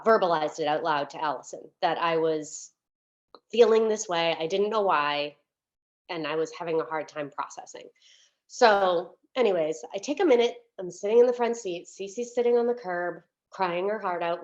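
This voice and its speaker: Woman preacher telling a story from her own life, kinda low voice, lots of um and like, dull lo-fi sound. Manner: candid, chatty, with many fillers and restarts. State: close to tears at times. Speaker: minister giving a sermon. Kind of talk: personal storytelling sermon. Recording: dull lo-fi recording.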